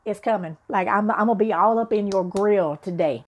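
A woman's voice: medium pitch, fairly quick, lo-fi sound. A middle-aged woman hosting a motivational podcast, preaching and swearing to her listeners in a fired-up way. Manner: fired-up, preachy, profane, talks straight to listeners. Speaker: podcast host.

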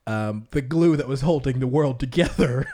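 A man's voice: mid-range voice, moderate pace. A man hosting a casual podcast chat, joking and acting out quotes. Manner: animated, jokey, acts out quotes. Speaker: podcast host.

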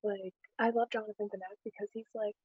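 A woman co-hosting a podcast, chatting casually and telling stories in an animated way, with lots of "like"s. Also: medium pitch, a little fast, breathy edge, dry recording, lo-fi sound. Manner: chatty, animated storyteller with many "like"s. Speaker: podcast co-host. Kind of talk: casual chat.

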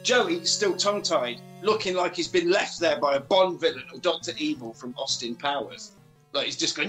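Animated man recapping with gusto. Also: on the high side, normal speed, soft background music, poor audio. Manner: animated, sweary, acts out lines in funny voices. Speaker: podcast host recapping a film. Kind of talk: casual comedic film recap.

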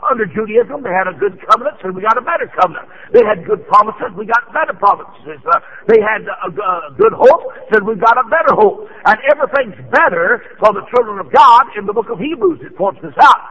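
An older man from Tennessee, preaching a revival sermon with fervent rises into shouts and frequent "uh" fillers. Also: high-pitched, animated, brisk, few pauses, highs cut off. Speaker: evangelist preacher.

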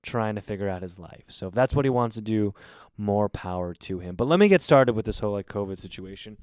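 A man in his twenties telling a story casually, in an animated and exasperated way with plenty of swearing. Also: lowish voice, brisk, clear, resonant tone, no echo, studio quality. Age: 20s. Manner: animated, profane, exasperated retelling. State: recovering from covid.

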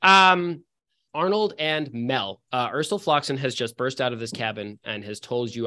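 A man narrating a tabletop role-playing game as game master, halting with many fillers and restarts. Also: mid-range voice, bright, forceful tone.

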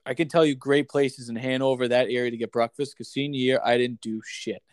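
On a casual podcast, a man tells a rambling, animated story, cursing freely and leaning hard on "like" and "dude." His mid-range voice is brisk and smooth, and the recording is dry.

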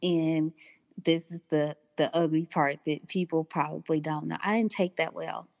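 A woman's voice: sits low, fairly even intonation, darkish tone, no room sound. A woman guest in her thirties telling her personal story candidly, acting out the dialogue she recalls. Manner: candid, unhurried, acts out quoted dialogue.

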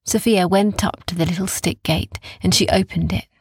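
A woman reads a bedtime story slowly and soothingly, often dropping to a whisper. Her voice is very husky and gravelly, a little low in pitch. The recording is dry and close, with no room around it. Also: dry recording. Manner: slow, calm, gentle, repeating soothing phrases. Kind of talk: soft bedtime story narration, partly whispered.

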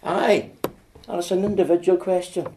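A man's voice: sits high, steady tone, normal speed, a little hiss or hum. Impassioned preacher man. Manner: impassioned, swinging from hushed storytelling to loud pleading. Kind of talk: sermon.

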